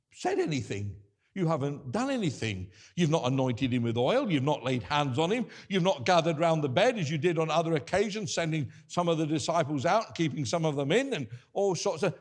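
A man's voice: on the high side, slightly rough. An older man preaching a sermon, earnest and conversational, often restarting his sentences.

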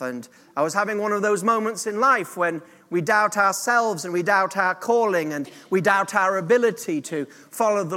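High-voiced preaching man in echoing hall. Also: fairly bright tone. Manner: earnest preaching with audience call-and-response. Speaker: pastor. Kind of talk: sermon.

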